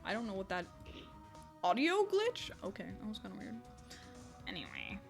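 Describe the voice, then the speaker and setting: Casual, playful streamer, reads game text aloud, lots of giggling, chatty gaming stream. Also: female voice, mid-range voice, huge pitch swings, fast, creaky, a bit bright, faint music behind. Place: home desk with a squeaky chair.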